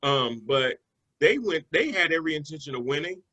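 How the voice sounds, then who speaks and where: Bright-voiced man talking football. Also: a little high, lively intonation, fairly quick, highs cut off. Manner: conversational, loose with fillers and restarts. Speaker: sports talk show co-host. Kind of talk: casual sports analysis chat.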